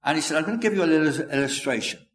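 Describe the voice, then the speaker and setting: A man preaching a sermon in a measured, earnest way, quoting scripture aloud. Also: on the high side, lively intonation. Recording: echoey hall with long reverb.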